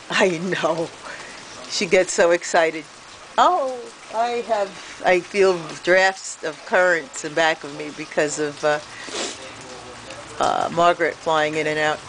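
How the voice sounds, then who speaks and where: A woman's voice: lowish voice, fairly bright tone. Woman cooing at birds on a rainy porch. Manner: sing-song baby talk to birds, with frequent laughs. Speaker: bird owner filming her pet birds. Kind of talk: casual talk to pets. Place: outdoors on a porch in the rain. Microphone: handheld camera. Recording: noisy outdoor camera audio. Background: rain and bird sounds.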